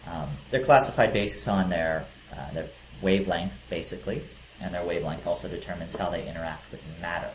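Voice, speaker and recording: A man's voice: deep voice, fairly quick. A male teacher giving a physics lecture, explaining step by step with some fillers. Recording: echoey room with faint hiss.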